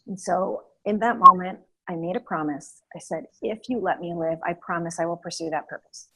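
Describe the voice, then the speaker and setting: A woman talking as a guest in an interview, telling a personal story in a lively way with many fillers and restarts. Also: on the low side, moderate pace, hardly any pauses, slightly rough, poor audio.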